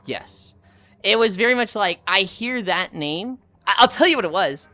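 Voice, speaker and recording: A woman livestreaming while walking, telling a story casually to chat, animated and swearing freely. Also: medium pitch, normal speed, no room sound, faint music behind.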